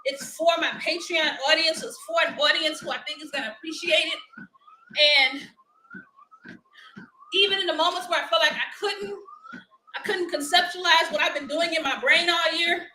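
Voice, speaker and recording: A woman's voice: very high voice, pushed and bright, roomy sound, slight background noise, low-quality recording. A woman, hosting a casual live motivational chat, upbeat and laughing often as she talks to viewers. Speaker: livestream host.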